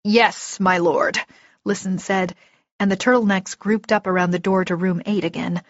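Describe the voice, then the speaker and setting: A woman narrating a first-person audiobook in a steady, vivid storytelling manner. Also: mid-range voice, normal speed, no room sound. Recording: dull lo-fi recording, dry.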